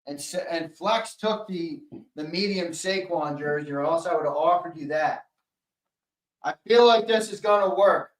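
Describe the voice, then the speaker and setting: A young man hosting a live-stream giveaway, chatting and teasing viewers in casual banter, with loud hyped countdowns between low mumbled asides. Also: normal speed. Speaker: show host running a live-stream giveaway.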